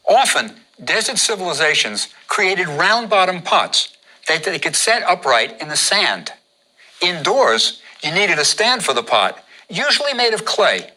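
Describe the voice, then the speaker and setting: A man's voice: fairly high pitch, bright, forceful tone, poor audio. A man teaching how to draw hieroglyphs, giving patient step-by-step instructions and repeating each step. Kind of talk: step-by-step drawing lesson.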